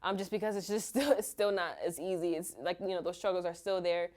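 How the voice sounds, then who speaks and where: Candid low-voiced mother telling her story. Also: fairly even intonation, a little mellow. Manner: halting, open, full of "like" and "you know". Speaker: mother sharing her experience.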